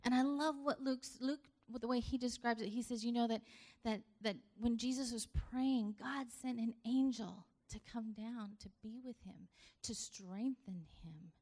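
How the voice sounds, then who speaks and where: A woman's voice: on the high side, steady tone, normal speed. Earnest woman preaching conversationally. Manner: conversational, earnest, swings between hushed and emphatic. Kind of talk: sermon.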